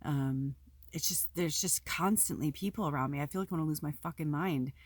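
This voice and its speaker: A woman's voice: low-pitched, fairly quick, no echo. A woman host talking casually and emotionally about her life at home, rambling with many fillers and some swearing. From Pacific Northwest United States. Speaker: spiritual video host. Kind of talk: casual personal vlog talk.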